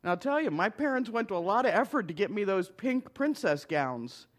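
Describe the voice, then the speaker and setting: A man's voice: high voice, sing-song, brisk. A man, a minister, telling a personal story to an audience with heartfelt emphasis and short punchy phrases.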